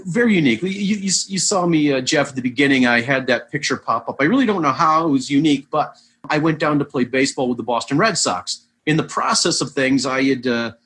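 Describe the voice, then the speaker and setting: Husky-voiced man telling rambling stories. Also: mid-range voice. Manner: rambling, animated anecdotes with restarts. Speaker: guest, vintage baseball player. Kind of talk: casual storytelling interview.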